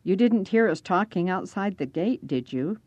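A woman's voice: lowish voice, animated, moderate pace, darkish tone, no room sound, pitched above the performer's own voice. A woman doing a nervous young boy. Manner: hesitant, stammering.

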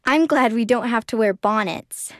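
A woman voicing curious young girls in a children's story, earnest and bright. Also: on the high side, normal speed, dry recording, close to an everyday voice. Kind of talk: children's magazine story reading.

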